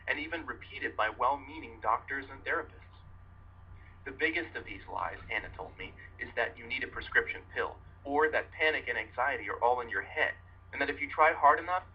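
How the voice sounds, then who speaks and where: A man's voice: medium pitch, muffled recording, slight background noise. A man in his thirties reading a scripted sales story in a dramatic storytelling way. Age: 30s. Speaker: narrator.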